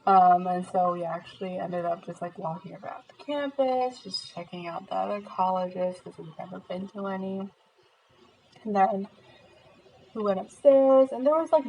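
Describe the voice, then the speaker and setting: A young American woman talks casually while eating, her story full of fillers and asides. Her pitch is mid-range for a woman, and a faint background hiss sits under her voice. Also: gravelly, mellow, low-quality recording. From United States. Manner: chatty storytelling, many fillers, eating between lines. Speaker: vlogger.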